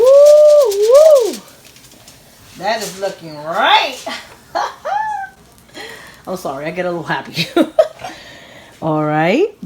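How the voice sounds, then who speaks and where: A woman in her thirties from Puerto Rico hosting a casual cooking vlog, excitable and laughing often as she tastes food in her kitchen. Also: lowish voice, slight background noise, rough recording. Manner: excitable, laughs often, talks while tasting. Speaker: cooking channel host.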